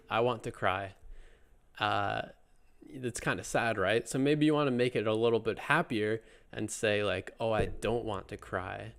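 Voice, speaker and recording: A man with a smooth, clear voice teaches a language lesson in a relaxed, chatty way. He jokes along and fills his talk with fillers and little restarts, sitting a bit low in pitch. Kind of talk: casual spoken lesson.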